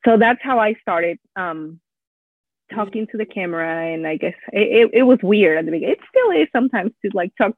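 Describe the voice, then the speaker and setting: A young woman with a Spanish accent, talking fast and animatedly in a casual conversation, often quoting herself. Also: mid-range voice, lively intonation, no echo. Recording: thin phone-like call audio, dry and husky.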